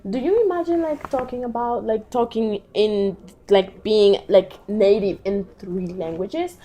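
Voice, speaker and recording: A woman's voice: mid-range voice, a little slow, warm tone. A teenage girl interviewing classmates at a school language festival, chatty and giggly, with lots of fillers. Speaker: student interviewer.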